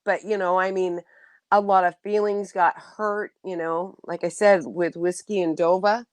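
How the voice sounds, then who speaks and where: A woman's voice: fairly low pitch, steady tone, moderate pace, dry recording. Emotional, chatty woman streaming live. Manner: warm, emotional, laughs often, restarts sentences. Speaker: livestream host. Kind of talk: casual livestream chat.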